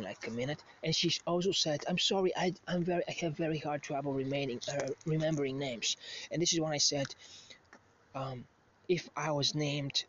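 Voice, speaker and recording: A man's voice: medium pitch, pushed and bright. Brief: male vlogger, casual storytelling, restarts often, dull lo-fi recording, faint background noise. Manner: rambling, with frequent restarts and asides. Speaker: vlogger telling a dating story.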